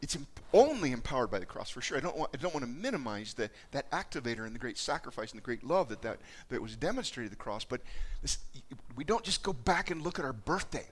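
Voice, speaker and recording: A man preaching a sermon as pastor, talking earnestly and haltingly, often restarting and repeating words as he goes. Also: mid-range voice, big pitch swings, fairly bright tone, slightly rough. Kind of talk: sermon with spoken prayer.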